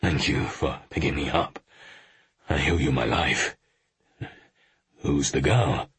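A man doing a cocky young airman, deep and husky. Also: takes it slowly, fairly bright tone, exaggerated voice. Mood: mocking. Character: young male Luftwaffe officer, cocky and joking.

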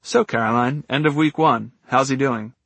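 A man doing a gravelly, smirking boss. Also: mid-range voice, moderate pace, a bit bright, dry recording. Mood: teasing. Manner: mocking, smug.

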